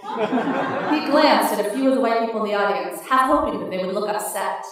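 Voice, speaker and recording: A woman reading a novel aloud in steady, wry audiobook narration. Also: fairly high pitch, normal speed. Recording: echoey, distant mic.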